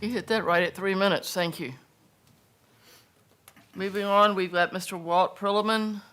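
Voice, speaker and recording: A man's voice: sits high, steady tone, measured pace, bright, forceful tone, smooth. A man chairing a county board meeting, informal and apologetic as he calls speakers. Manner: informal, apologetic about names.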